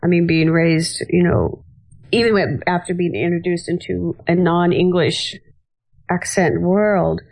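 A woman's voice: lowish voice, steady tone, unhurried, vocal fry, darkish tone, low-quality recording. A woman in a casual discussion, rambling and hedging with lots of fillers. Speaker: podcast panelist.

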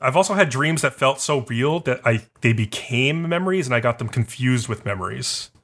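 A man's voice: mid-range voice, animated, normal speed, fairly bright tone. A man co-hosting a casual podcast chat, rambling and using lots of filler words. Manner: rambling, heavy use of "like" fillers. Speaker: podcast co-host.

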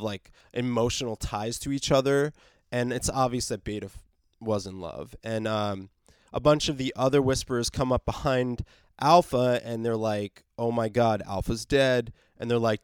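A man reviews a comic book panel by panel in a loose, rambling way, full of filler words and soft chuckles. His voice is smooth and resonant, and it sits at an ordinary pitch for a man. The sound is close and dry. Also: moderate pace, no echo.

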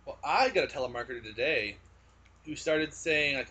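Brief: casual podcast co-host, man, bright and slightly high voice, rambling storyteller. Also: expressive, normal speed, breathy edge. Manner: rambling storyteller with frequent restarts. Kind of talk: casual chat.

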